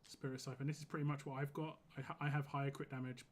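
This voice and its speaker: A hoarse man streaming a game live, giving casual, rambling commentary full of "like". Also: medium pitch, flat delivery, fast talker, slight background noise. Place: home gaming setup.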